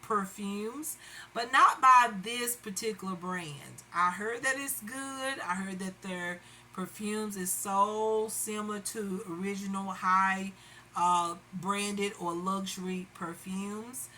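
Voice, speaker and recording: Slow-talking woman vlogger. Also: mid-range voice, sharp tone, slight background noise, low-quality recording. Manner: chatty, addresses viewers as y'all. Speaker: beauty vlogger. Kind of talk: casual makeup tutorial chat.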